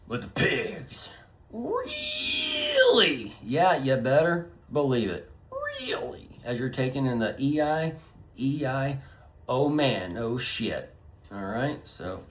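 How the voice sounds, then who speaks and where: Slow-talking profane rambling man. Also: mid-range voice. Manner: profane, stream-of-consciousness wordplay. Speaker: vlogger. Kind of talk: rambling solo monologue.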